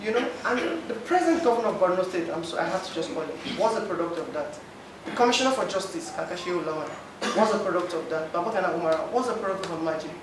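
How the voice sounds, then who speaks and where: A man's voice: sits high, expressive, fast talker, hardly any pauses. A man speaking emotionally at a public forum, pleading his case to the room. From Nigeria. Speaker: forum participant. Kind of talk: impassioned public comment. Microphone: handheld mic. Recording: echoey hall, distant mic, noisy.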